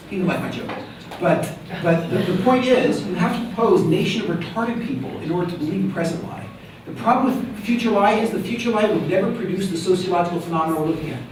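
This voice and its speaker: A man lecturing as a rabbi to students, animated and joking, firing rhetorical questions at the room. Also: high-pitched. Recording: very echoey room, mic at a distance, faint background hum.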